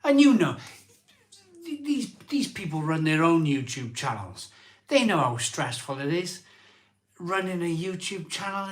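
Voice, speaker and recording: A man in his forties rambles through a live stream, slow and halting and full of ums and restarts. His voice sits a little high for a man, and he drags out his words. It sounds like casual, emotional chat into a phone. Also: lively intonation. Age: 40s.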